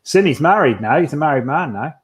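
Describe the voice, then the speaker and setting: A man's voice: fairly high pitch, expressive, fast. Cheeky, sweary male co-host. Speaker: podcast co-host. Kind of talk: casual banter.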